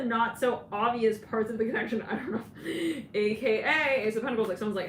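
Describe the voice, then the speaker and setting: On a roomy recording from a distant mic with clear background noise, a woman whose voice sits on the high side delivers a channeled tarot reading. Her intonation is lively and her pace measured as she rambles, giggling and laughing often.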